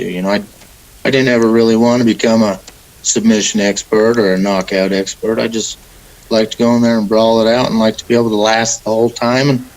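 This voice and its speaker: Laid-back young fighter, rambling. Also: male voice, lowish voice, low-quality recording. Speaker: MMA fighter, guest. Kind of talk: casual interview answers.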